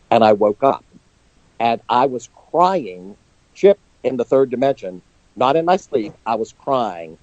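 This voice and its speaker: A man's voice: mid-range voice, big pitch swings, measured pace, darkish tone, no echo. A man, a psychic medium, telling personal stories earnestly and openly in a phone interview. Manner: earnest, open about emotion. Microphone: telephone. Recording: dull, lo-fi phone line.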